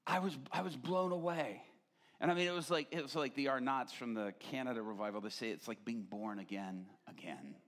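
A man preaching, telling a personal testimony in a lively storytelling manner, laughing often and acting out the voices of others. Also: medium pitch, a little fast. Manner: animated, laughing, acts out quoted voices. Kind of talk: storytelling sermon.

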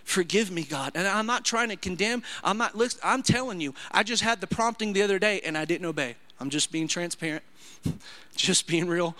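A man preaching with a bright, forceful ring to his fairly high voice. He delivers an earnest, heartfelt evening sermon, climbing higher whenever he quotes someone. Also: fairly quick. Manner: emotional, earnest preaching with rising pitch on quotes. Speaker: pastor. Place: church sanctuary.

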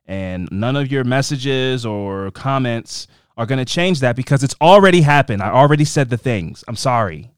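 A man's voice: medium pitch, normal speed, few pauses, clear, resonant tone, no room sound. Male podcast host, chatty and self-interrupting, dry close sound. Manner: rambling, self-interrupting and animated. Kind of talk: casual podcast chat.

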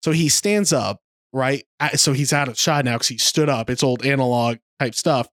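A man co-hosting a podcast, retelling film scenes in casual chat with animated delivery. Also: mid-range voice, normal speed, no room sound. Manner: animated storytelling, slips into a mimicked accent. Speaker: podcast co-host.

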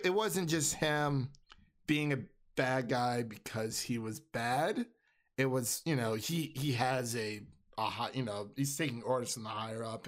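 A man co-hosting a casual movie review podcast, laughing often and restarting his sentences. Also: medium pitch. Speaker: podcast co-host.

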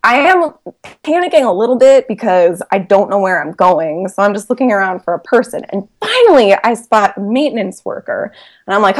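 A woman telling a story on a podcast, animated and laughing often as she goes. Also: medium pitch. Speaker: guest storyteller. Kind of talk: casual podcast chat.

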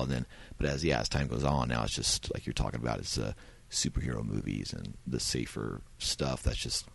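A man with an extremely low, gravelly voice hosts a relaxed film-review chat. He rambles along with plenty of fillers. The sound is dry and close, with no room behind it. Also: no echo. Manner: laid-back, rambling, many fillers. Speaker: podcast host.

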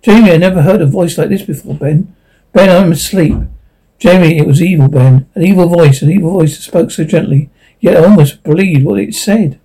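A man's voice: fairly high pitch, a little fast, dark tone, breathy edge, rough recording. A man reading the part of an uneasy, earnest young man.

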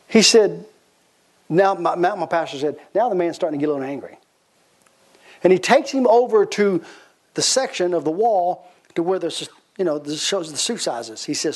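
High-pitched male preacher telling stories. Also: normal speed. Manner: animated storytelling, repeats phrases; laughs while telling stories. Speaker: pastor. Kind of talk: sermon.

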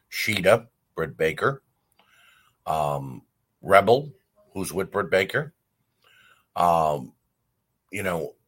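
A man's voice: low-pitched, fairly bright tone. A man hosting a wrestling talk show, delivering a blunt, heated opinion rant with frequent fillers and restarts. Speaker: wrestling podcast host.

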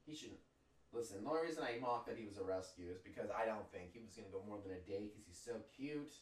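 A man's voice: mid-range voice, slightly rough. A young man chatting loosely on a stream, swearing often and rambling between jokes. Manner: profane, loose and joking, with many fillers. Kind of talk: casual rambling chat.

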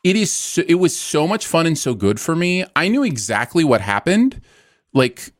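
A man's voice: fairly high pitch, sing-song, normal speed, no echo, studio quality. A man hosting a movie review podcast, chatting casually in an enthusiastic, playful way. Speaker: podcast host.

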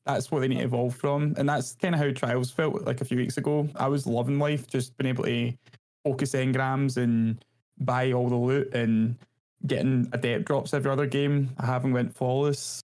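Flat-toned male guest, quick, enthusiastic chat. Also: mid-range voice. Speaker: podcast guest, content creator. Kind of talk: casual podcast chat.

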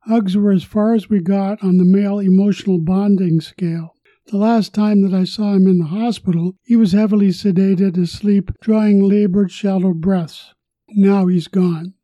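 An older man hosting a podcast about retirement, reading a scripted personal story in a measured, formal way. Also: high voice, steady tone, warm tone, dry recording, lo-fi sound.

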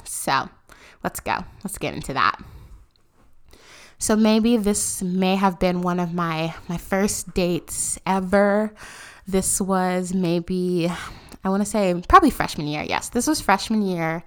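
A woman's voice: fairly low pitch, clean tone. Sarcastic, incredulous young woman podcaster. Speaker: podcast host. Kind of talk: solo podcast rant.

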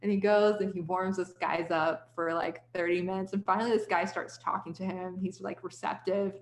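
A woman's voice: lowish voice, fairly even intonation, normal speed, reverberant. Chatty woman retelling a story. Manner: chatty retelling with many "like"s and quoted dialogue. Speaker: podcast host. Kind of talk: casual storytelling.

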